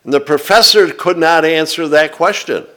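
His pitch fairly high and tone sharp, a man preaches to his congregation, reading scripture aloud and explaining it in a slow, deliberate way.

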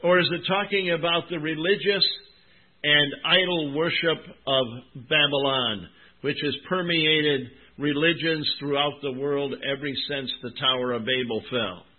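A man preaching a sermon, reading scripture with emphatic, drawn-out stresses and calling his listeners "my friend" and "folks.". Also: a little high, fairly even intonation. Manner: emphatic, drawn-out Bible reading, rising and dropping in volume. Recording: tinny phone-like recording.

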